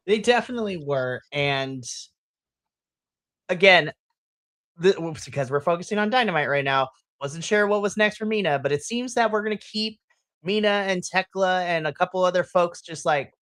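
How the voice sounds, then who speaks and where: A woman co-hosting a wrestling podcast, talking in an animated, playful way with frequent laughter. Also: on the low side, no room sound. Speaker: podcast co-host. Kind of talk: casual wrestling chat.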